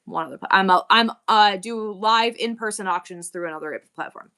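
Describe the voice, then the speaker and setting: A woman's voice: medium pitch, fairly quick, bright, forceful tone, clear, resonant tone. A woman chatting casually on a livestream from her shop, effusive and thankful toward her viewers. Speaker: livestream seller. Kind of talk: casual live-stream chat. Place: indoors in her shop, a former thrift store.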